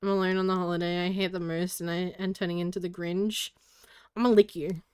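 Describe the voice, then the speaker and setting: A woman's voice: on the low side, level tone, a little fast, a little mellow, smooth, no room sound, clean studio sound. A giggly, hyper Australian woman rambling in casual live-stream chat as a streamer.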